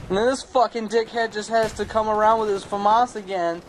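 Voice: medium pitch, steady tone, a little fast, a little hiss or hum. A young adult gamer commentating their own play in a profane, ranting way full of outbursts. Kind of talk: gameplay commentary. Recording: game gunfire faint behind.

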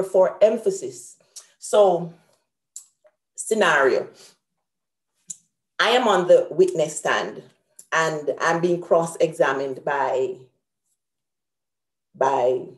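A woman's voice: low voice, takes it slowly, long pauses, darkish tone, roomy sound. A woman teaching a live grammar lesson at a whiteboard, explaining patiently step by step and correcting herself aloud. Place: room with a whiteboard.

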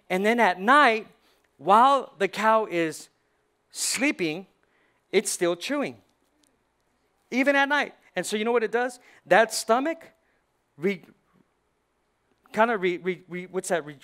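Middle-aged male pastor with a high voice, telling lively stories in a church sermon. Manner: storytelling, animated and joking, many restarts. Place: church stage.

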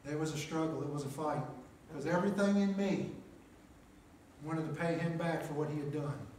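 Plainspoken middle-aged preacher in an echoey chapel. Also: male voice, a little high, moderate pace, darkish tone, slight background noise. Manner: plainspoken storyteller, many "uh" and "make a long story short". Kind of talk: testimony sermon. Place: small chapel. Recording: echoey chapel, mic at a distance.

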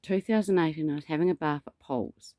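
A man's voice: on the high side, brisk, mellow, no room sound, clean studio sound. Rambling New man preaching. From New Zealand. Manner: meandering storyteller, dramatic asides. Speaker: self-styled prophet. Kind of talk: rambling spiritual monologue.

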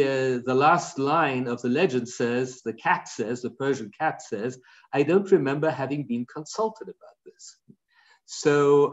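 A male professor giving an academic lecture, pausing often with fillers and asking for the next slide. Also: medium pitch, highs cut off. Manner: hesitant, many fillers.

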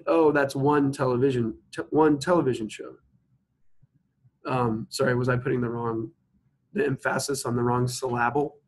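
A male instructor works through logic examples at an even pitch. He slows down to spell out each sentence and keeps asking his listeners to stop and think before he gives the answer. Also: low-quality recording. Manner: explains step by step, asks students to pause and think. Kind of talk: recorded logic lecture.

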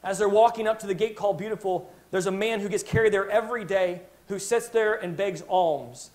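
Brief: male preacher, very high voice, impassioned storyteller in the pulpit. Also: a little fast. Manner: impassioned storytelling, dramatic retelling. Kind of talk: sermon.

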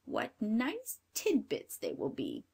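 A woman's voice: medium pitch, very animated, a little slow, husky, full character voice. A woman reading a storybook aloud and voicing a cruel, sneering old witch with a harsh, scolding manner.

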